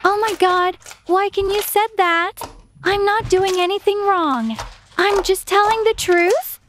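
A woman's voice: very high-pitched, unhurried, fairly bright tone, a little hiss or hum. A woman voicing a gushing, fake-innocent young woman in a storytime animation, dramatic in every line. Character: gushing young woman, attention-seeking pick-me girl.

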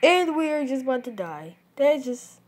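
A woman gives casual gameplay commentary, excitable and quick to yelp and shout at the game. Her voice is high and moves at a normal speed, captured by a phone screen recorder with a little hiss or hum. Game music plays underneath.

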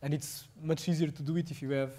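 A young adult man with a Portuguese accent giving a technical lecture, speaking haltingly with many fillers and restarts. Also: on the high side, fairly even intonation, warm tone.

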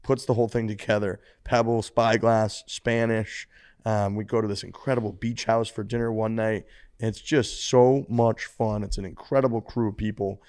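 A man's voice: fairly low pitch, little pitch movement, normal speed, darkish tone, clean tone. A man co-hosting a golf podcast, enthusiastic and laid-back, saying "dude" and "like" a lot. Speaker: podcast co-host. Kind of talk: casual chat.

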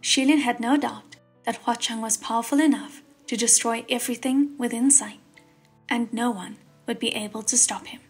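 A woman narrating a fantasy audiobook in a steady, unhurried reading voice that is husky. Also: a little high. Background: soft piano music.

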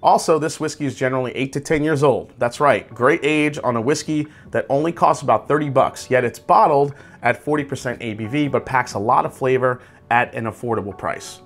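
A man hosting a casual whiskey tasting review, describing tasting notes aloud in a relaxed, conversational way. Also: mid-range voice, moderate pace, soft background music. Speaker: whiskey reviewer, channel host.

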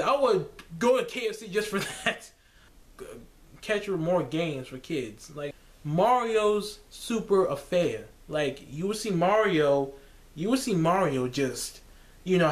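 Young male vlogger, high and very lively voice, casual animated rambling. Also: normal speed. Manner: animated, jumps into silly voices and laughs.

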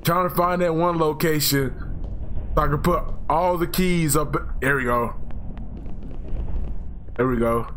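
A young man with a hoarse, worn-out voice playing a horror game, loud and excitable, swearing and screaming at jump scares. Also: a little high, a little slow, long pauses, a little hiss or hum. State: hoarse, losing his voice. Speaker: gaming YouTuber. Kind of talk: horror game let's play commentary.

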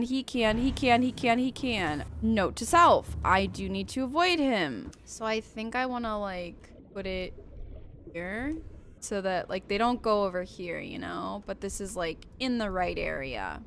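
A woman giving excitable, profane let's-play commentary, shrieking and cursing when startled. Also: medium pitch, measured pace, slight background noise. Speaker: gaming creator.

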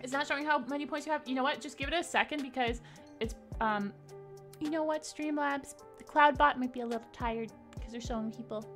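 A woman's voice: high-pitched, over music. Giggly woman streamer reading chat aloud. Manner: upbeat, giggly, reads chat names aloud rapidly. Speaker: game streamer. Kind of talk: casual live-stream chat.

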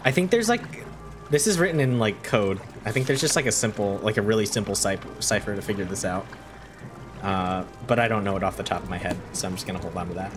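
A man streaming a game, rambling and reacting loudly to surprises in casual commentary. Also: on the low side, fast talker. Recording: game music behind voice.

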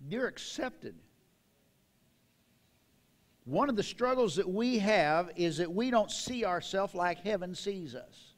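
Older man, pastor, sermon, high-pitched voice, stretches out key words, church hall. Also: lively intonation. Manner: preaching with dramatic slow emphasis on scripture. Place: church sanctuary.

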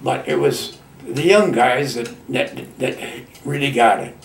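Halting, folksy old man in his nineties. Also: medium pitch, creaky, roomy sound, recorded from a distance. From Michigan, United States. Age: 90s. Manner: halting, folksy storytelling with colloquial grammar. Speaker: veteran interviewee. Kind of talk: oral history reminiscence.

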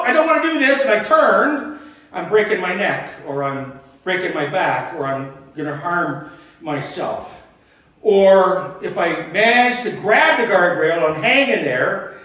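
An older male pastor with a fairly high voice gives a folksy, rambling sermon full of chuckles and restarts. He sounds a bit far from the microphone, and his words ring through a very echoey church hall. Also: a bit bright.

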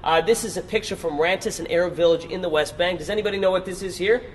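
Man, high-pitched, lecturing a live audience, rhetorical questions, light background noise. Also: fast. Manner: emphatic repetition. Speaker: workshop presenter.

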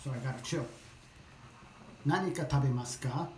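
A man practicing phrases along with a language course, repeating them slowly, thinking aloud and correcting himself. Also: mid-range voice, darkish tone, slight background noise. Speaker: language learner. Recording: echoey room.

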